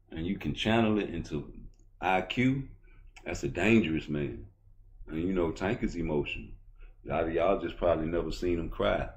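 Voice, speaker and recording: A man's voice: deep voice, slight background noise. A middle-aged man with a Baltimore accent, giving a blunt, profane, swaggering boxing rant as a YouTube commentator. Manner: blunt, profane, swaggering street talk, rising loud when heated. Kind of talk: casual opinion rant.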